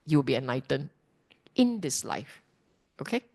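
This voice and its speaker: A woman teaching a dharma class, lively and emphatic, often putting questions to the class. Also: a bass voice, moderate pace. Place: class hall.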